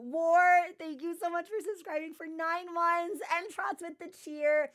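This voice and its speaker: High-voiced chatty woman streamer. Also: measured pace. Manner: chatty, animated, frequent filler words. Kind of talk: casual chat.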